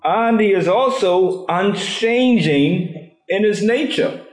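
A man's voice: sits high, animated, takes it slowly, reverberant, low-quality recording. A man leading a Bible study class, asking the group questions and often repeating his words.

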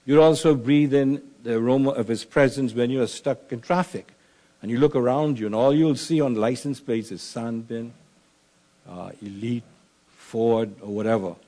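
A man gives a funeral eulogy at a middle pitch. His voice is dark and mellow. He speaks in a measured, solemn way and presses hard on the key lines like a preacher.

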